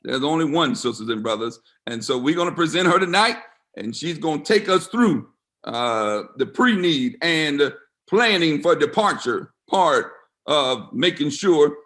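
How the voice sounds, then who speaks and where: A man's voice: a little high, lively intonation, measured pace, a bit bright. A middle-aged man, a pastor, talking to his congregation over a video call in a folksy, emphatic way, repeating phrases for effect. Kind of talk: casual church talk.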